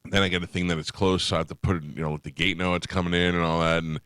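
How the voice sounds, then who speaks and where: A radio host with a deep voice and a bright, forceful edge tells a story in loose studio banter. He sounds animated as he acts out the other voices in the dialogue. The sound is dry and close. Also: very fast, clean tone, dry recording.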